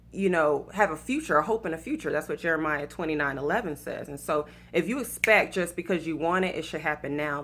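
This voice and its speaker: A woman's voice: deep voice, sharp tone. A woman from Atlanta with a Southern accent, telling a personal story and giving relationship advice in a chatty, casual way full of fillers and faith-based asides. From Atlanta, Georgia, USA. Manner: chatty, lots of fillers, laughs at her own story, preachy asides.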